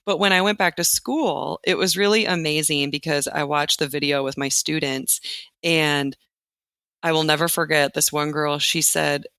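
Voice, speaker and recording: A woman from Nebraska, a teacher and interview guest, telling stories animatedly and acting out quotes with big jumps in pitch. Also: fairly even intonation, normal speed, fairly bright tone, smooth, dry recording. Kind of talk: casual interview storytelling.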